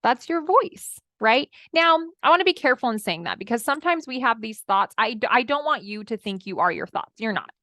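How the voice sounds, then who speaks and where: A woman's voice: fairly high pitch, lively intonation, a little fast, few pauses, sharp tone, no room sound, studio quality. A woman in her thirties giving a chatty motivational talk as a marriage coach, speaking straight to her listeners and acting out her clients' words. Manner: chatty, addresses listeners as friends, acts out quoted clients.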